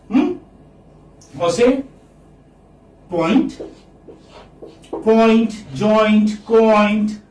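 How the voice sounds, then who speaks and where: A man teaching English phonetics to a class in a lecture style, slowly repeating each word so the students can copy it. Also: sits high, darkish tone, recorded from a distance. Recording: echoey classroom, speaker off-mic, faint noise.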